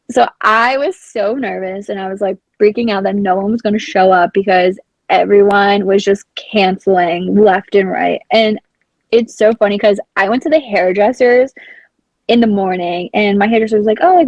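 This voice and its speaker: A young adult woman telling a story as a podcast guest, rambling and excitable, with "like" filling nearly every phrase. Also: mid-range voice, dry recording, dull audio. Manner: excitable, acts out her own past panic. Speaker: blind hockey program founder, guest. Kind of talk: casual storytelling in an interview.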